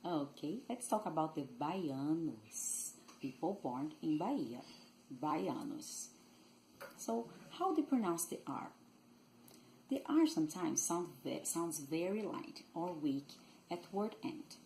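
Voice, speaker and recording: In a slow, low, dark-toned voice full of lively intonation, a Brazilian Portuguese-accented woman from Rio de Janeiro state teaches Portuguese, modeling pronunciations with care. Slight background noise runs under a rough recording.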